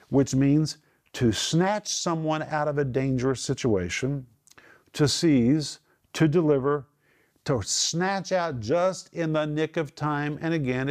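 Explaining Greek terms as he teaches from the Bible, a man leans hard on key phrases, stretching them out for emphasis. He speaks at a fairly high pitch.

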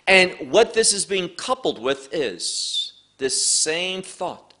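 Male Bible teacher. Unhurried, emphatic delivery with a bright tone, pitch rising and falling a lot. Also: sing-song. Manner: emphatic, repeats key words.

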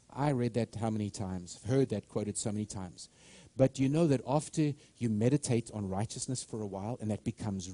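A man's voice: fairly low pitch, warm tone. A middle-aged man preaching a sermon with fervent delivery, often repeating and restarting words as he builds momentum.

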